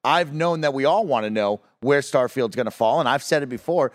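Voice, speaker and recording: A man's voice: medium pitch, brisk. A man co-hosting a casual gaming news show, making earnest, persuasive points and often adding "right?". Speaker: co-host.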